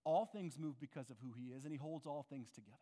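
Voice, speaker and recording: A man's voice: mid-range voice, quick pace, warm tone. A man preaching a sermon as pastor, earnest and conversational, often asking his listeners questions. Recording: long reverb of a large hall.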